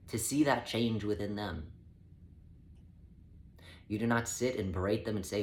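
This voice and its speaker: Measured male channeler, deep-ish voice, roomy echo and faint hum behind; spiritual guidance read. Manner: measured, calm, speaks as "we" to the listener. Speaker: spiritual channeler speaking as a collective. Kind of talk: spiritual self-help talk. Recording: echoey room with faint ambient noise.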